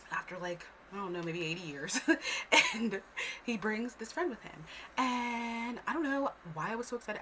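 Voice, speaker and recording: Woman, casual storytime vlog, animated, swearing, occasional whispers, to camera. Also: medium pitch, a little hiss or hum.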